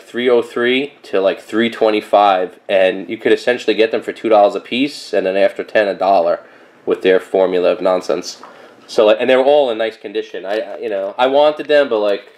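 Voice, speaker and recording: Rambling casual male comic collector. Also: lowish voice. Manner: rambling, animated storytelling with many fillers. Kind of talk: casual haul vlog.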